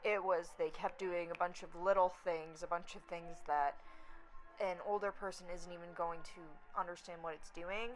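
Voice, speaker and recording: A young woman vlogging, telling a story in a blunt, profane, animated rant. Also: fairly low pitch, moderate pace, soft background music, low-quality recording. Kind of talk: casual rant to camera.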